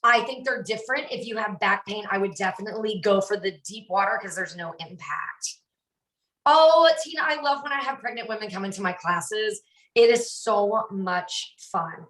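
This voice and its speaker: Cooking during a casual live stream, this woman fitness instructor stays bubbly and replies to viewers by name. Her mid-range voice is a bit bright and moves at a moderate pace, picked up by a distant mic in a roomy space.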